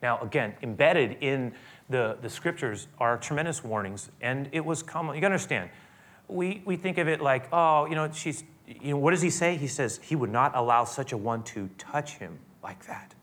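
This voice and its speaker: A man preaching a sermon, retelling a scripture scene with many restarts, dropping to hushed tones and rising to emphatic peaks. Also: mid-range voice, lively intonation, normal speed. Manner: storytelling with frequent restarts, swinging from hushed to emphatic.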